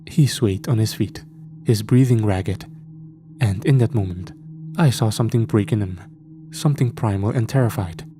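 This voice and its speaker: A man narrating a scripted horror story at a slow, measured pace. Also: fairly low pitch, mellow, a little hiss or hum. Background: faint music.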